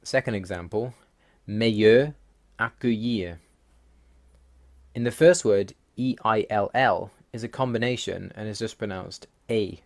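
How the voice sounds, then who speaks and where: A man's voice: lowish voice, moderate pace, vocal fry, few pauses. A man host narrating a voice-over, methodically listing language rules one by one, wry and mildly exasperated. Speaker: language-learning video host. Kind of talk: explanatory voice-over over slides.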